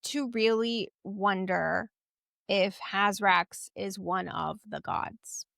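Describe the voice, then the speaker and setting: A woman co-hosting a casual book podcast, animated, laughing easily and acting out lines. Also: medium pitch, takes it slowly, vocal fry, no echo, clean studio sound. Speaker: podcast co-host. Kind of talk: casual book-club chat.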